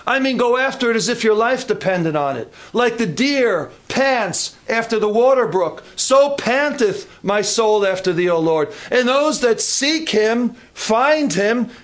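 A man's voice: very high-pitched, expressive, unhurried, few pauses. A man preaching a sermon in church, emphatic and questioning his congregation.

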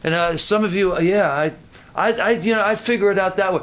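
High-voiced impassioned male preacher. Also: a little fast. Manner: impassioned, rising to near-shouts; self-mocking, talks straight to the congregation. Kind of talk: sermon. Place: camp meeting hall.

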